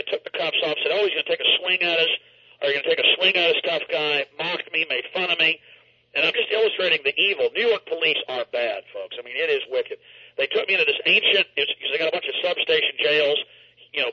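A man's voice: a little high, bright, forceful tone, husky. A man telling a story dramatically and emphatically in an interview, over a dull lo-fi line. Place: New York.

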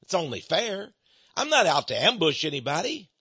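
An American man preaches a storytelling sermon about Freemasonry from a Christian perspective, voicing every character in his anecdotes and animatedly playing both sides of each exchange. His delivery is dry and husky, slightly high, at a moderate pace. The recording is dry, dull, muffled and lo-fi.

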